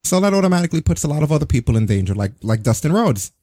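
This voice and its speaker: Male podcast host, sarcastic ranter, dark husky tone, dry close mic. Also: a little high, very fast, dry recording. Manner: sarcastic, swearing, animated. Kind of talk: casual wrestling news chat.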